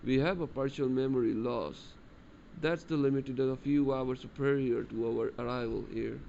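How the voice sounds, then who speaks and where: A man reading a story game's text aloud in a plain, steady delivery. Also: medium pitch, moderate pace, vocal fry, highs cut off, slight background noise. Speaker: gamer reading a visual novel aloud.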